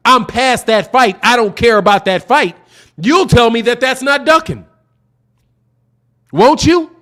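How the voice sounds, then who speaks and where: A man's voice: extremely high pitch, fairly bright tone. A man hosting a boxing channel, arguing heatedly in an opinion rant, profane and repeating his points for emphasis.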